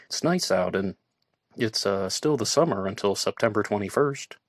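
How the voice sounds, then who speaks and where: A man's voice: fairly low pitch, animated, normal speed. A man reading the part of a wary, protective young man who dodges questions, in an audiobook. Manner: evasive, hesitant.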